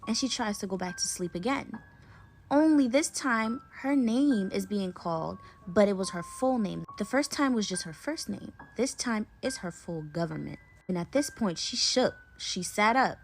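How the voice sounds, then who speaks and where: A young woman casually retelling a creepy story in a chatty, slangy way, with dramatic pauses. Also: medium pitch.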